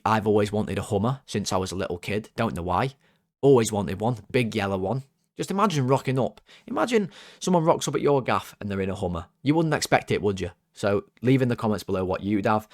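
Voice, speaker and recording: An excitable man hosting a football fan channel, giving player ratings in a jokey, swearing rant from home. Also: a little fast, no echo, clean studio sound. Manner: excitable, swears, jokey rants with big pitch jumps. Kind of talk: casual football ratings monologue.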